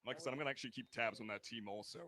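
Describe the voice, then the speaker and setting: A man hosting a live high school football stream, giving measured color commentary with many fillers. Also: bright, forceful tone, no echo. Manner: measured, filler-heavy analysis.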